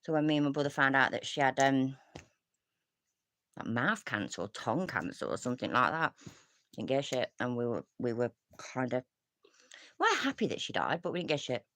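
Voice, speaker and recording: A woman's voice: extremely low pitch, sing-song, brisk, pauses often, a bit bright, no echo. A woman, ranting casually as a commentary streamer, rambling with restarts, sighs and frequent swearing.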